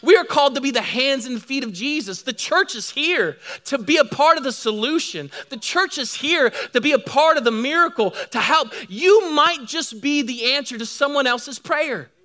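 A middle-aged man preaching a sermon, telling lively stories to his congregation. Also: very high voice, normal speed, hardly any pauses. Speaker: pastor.

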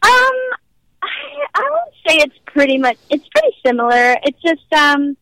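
High-voiced bubbly young woman. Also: very animated, moderate pace, bright, forceful tone, no echo, low-quality recording. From Nashville, American South. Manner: bubbly, giggly, heavy use of "like". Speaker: guest actress. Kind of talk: casual interview chat.

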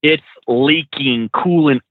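Animated man, tinny phone-like sound. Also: a little high, slow pace, dry recording. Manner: animated, swears freely, says "bro" and "dude". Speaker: truck driver trainer, podcast guest. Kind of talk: casual storytelling in an interview.

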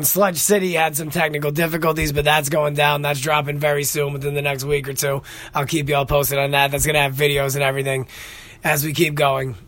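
A young man hosting a podcast, telling stories in a casual, excitable, profane way. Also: fairly high pitch. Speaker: podcast host. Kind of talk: casual monologue.

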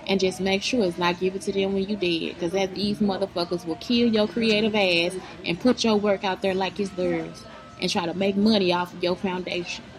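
Over a rough recording, a woman vlogger speaks at a moderate pace in a medium-pitched voice with fairly even intonation. She addresses her viewers directly, handing out blunt, profane, preachy motivational advice about life.

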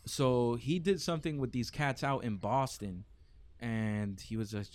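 A man's voice: medium pitch, a little slow, a little mellow, dry recording. A man from Miami, a podcast guest, telling stories in casual chat, cursing freely and mimicking other people's voices. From Miami, Florida. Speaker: podcast guest, event organizer.

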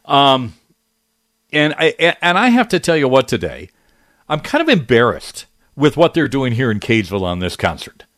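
A middle-aged man hosting a talk radio show, talking in an animated, indignant, conversational way with frequent restarts. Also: medium pitch, moderate pace, dry recording, clean studio sound. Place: radio studio.

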